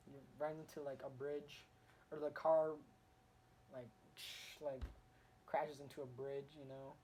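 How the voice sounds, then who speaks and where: A man casually reviewing a comic book, excitedly retelling the story in a rambling way full of fillers and restarts. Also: fairly high pitch, a little slow, long pauses, slightly rough, low-quality recording.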